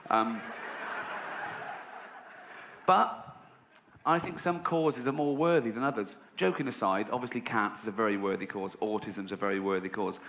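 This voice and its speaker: An English man doing stand-up, telling a story in a sardonic way and jumping up in pitch when he voices other people. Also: normal speed, long pauses, fairly bright tone. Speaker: stand-up comedian. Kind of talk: stand-up routine. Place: large live venue. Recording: roomy live venue with audience noise.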